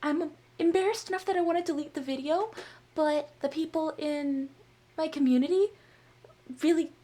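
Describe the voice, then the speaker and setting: A woman's voice: high-pitched, moderate pace, dark tone. A woman co-hosting a casual chat show, laughing often and poking fun at herself. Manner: laughs often, self-mocking. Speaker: co-host.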